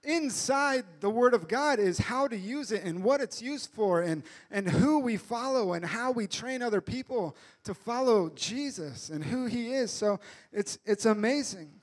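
A man preaching a casual, jokey sermon, retelling a story in a lively way with acted-out voices. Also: very high voice, measured pace.

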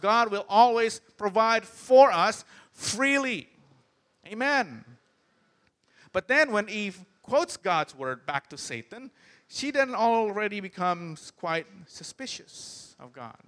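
A man's voice: high-pitched, expressive, slow, fairly bright tone. A man preaching a sermon, emphatic and often turning to the congregation with questions. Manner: emphatic, asks the crowd questions.

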